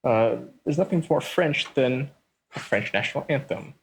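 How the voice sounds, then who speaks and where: A man's voice: medium pitch, expressive, moderate pace, slight background noise, low-quality recording. Man explaining his game design choices. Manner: explanatory, walks through design choices step by step. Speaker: let's-play host. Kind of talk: casual game commentary.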